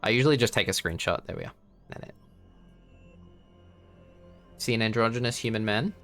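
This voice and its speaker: A man's voice: medium pitch, fairly quick, a bit bright, faint music behind. A man narrating as game master for a tabletop game in a casual, rambling way with lots of fillers.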